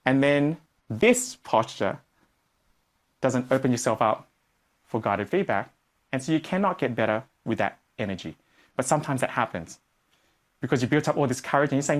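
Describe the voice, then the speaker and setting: A man teaching a business course to a live audience, animated and playful, swinging between loud bursts and quiet asides. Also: medium pitch, moderate pace, pauses often. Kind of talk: energetic live workshop teaching. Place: training room with a live audience.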